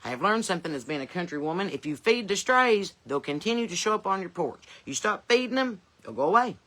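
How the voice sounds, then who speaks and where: A woman's voice: mid-range voice, sing-song, quick pace, a bit bright. A woman with a Southern accent, hosting a podcast from her porch in blunt, folksy, profane chat, with chickens clucking nearby. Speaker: podcast host.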